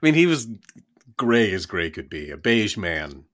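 A man guesting on a podcast tells a playful anecdote. His pitch moves around a lot as he tells it. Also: unhurried. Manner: lively, playful anecdote teller. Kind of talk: casual storytelling chat.

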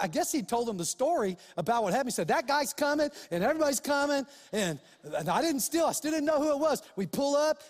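Man, preacher, high voice, animated storytelling, long hall reverb. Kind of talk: storytelling sermon.

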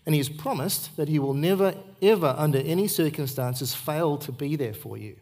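A man's voice: a little high, moderate pace, darkish tone. A middle-aged man, preaching a sermon at a church service and repeating key points for emphasis. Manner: earnest storytelling with emphatic repetition. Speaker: pastor.

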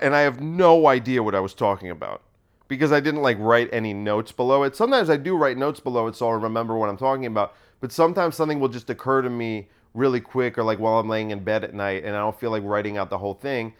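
A man's voice: mid-range voice, fast talker, clear, resonant tone. A comedian riffing off the top of his head, rambling and laughing at his own jokes. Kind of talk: solo comedy riff.

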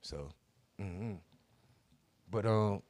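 Deep-voiced man telling a story, cursing freely. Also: very slow. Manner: animated storytelling, heavy cursing, slangy. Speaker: podcast co-host. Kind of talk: casual chat.

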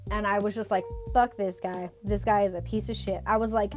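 A woman's voice: medium pitch, steady tone, a little fast, hardly any pauses, a little mellow, soft background music. A young woman telling a story in a casual rant, profane and indignant, laughing often between lines. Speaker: storyteller recounting a date.

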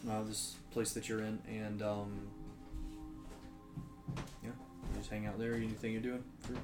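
Low-key male game master. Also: level tone, unhurried. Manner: casual, low-key narration with fillers. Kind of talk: narrating a tabletop game. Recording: roomy echo, music behind.

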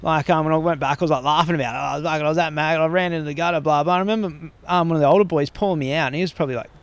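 A man with an Australian accent tells long, winding stories in a casual podcast chat. His voice sits a little higher than most men's. He swears often and rarely finishes a sentence before starting the next. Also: very fast, clear, resonant tone. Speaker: podcast guest.

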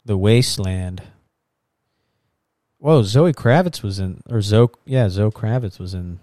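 A man's voice: lowish voice, lively intonation, a little slow, dark tone, dry recording, studio quality. A man co-hosting a podcast in a joking, rambling casual chat, laughing often. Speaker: podcast co-host.

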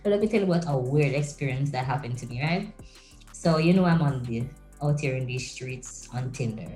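A woman, co-hosting a podcast and telling a lively story in casual chat, slipping into patois. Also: a bass voice, fairly quick, soft background music. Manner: animated storytelling with slips into patois. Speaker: podcast co-host. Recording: roomy echo.

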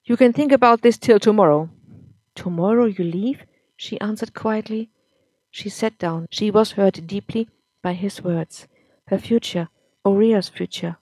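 A woman narrating a story in a measured, somber reading. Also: medium pitch, warm tone, no room sound. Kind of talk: audiobook-style story reading.

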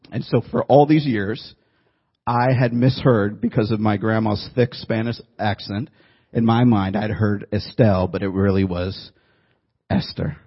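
A man's voice: fairly low pitch, fairly even intonation, measured pace, husky, highs cut off. A man preaching a sermon to a congregation, telling a story in a conversational way and joking with the room. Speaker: pastor. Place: church room before a congregation.

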